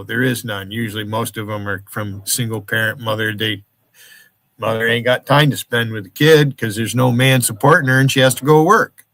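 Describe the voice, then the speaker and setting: A man's voice: medium pitch, a bit bright, no echo. A man hosting a livestream, ranting angrily and profanely and calling out viewers by name. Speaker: livestream host. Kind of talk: angry livestream rant.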